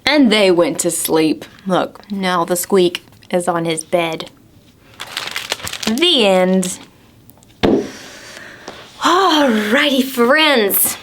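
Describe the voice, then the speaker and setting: A woman's voice: fairly low pitch, expressive, extremely slow, background noise. A young woman who is a children's librarian, reading a picture book aloud at a preschool storytime and asking the children encouraging questions.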